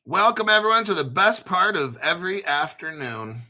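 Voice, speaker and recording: Bright, brash man hyping up viewers. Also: high-pitched, big pitch swings, moderate pace. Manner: brash, profane, joking hype. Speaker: crypto show host. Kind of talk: casual livestream commentary.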